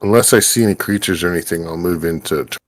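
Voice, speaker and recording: A man's voice: deep voice, fast talker, no echo. A man playing a tabletop game, talking casually and bluntly with some swearing. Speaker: player. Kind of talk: casual gaming chat.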